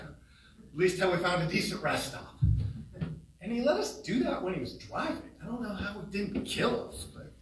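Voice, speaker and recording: A man telling humorous family stories in a eulogy at a funeral home, animated and laughing along, recorded from a distance. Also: sits high. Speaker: son giving a eulogy. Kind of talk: humorous memorial storytelling. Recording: roomy, distant hall sound.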